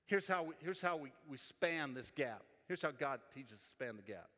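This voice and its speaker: A man's voice: mid-range voice, animated, normal speed, bright, forceful tone, long reverb tail. A man preaching a sermon in a conversational, storytelling way, often repeating his phrases.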